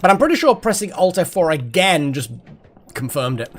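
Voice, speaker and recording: Lively rambling man streamer. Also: high voice, moderate pace. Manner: rambling, chatty, swears and laughs often. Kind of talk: casual live-stream chat while gaming.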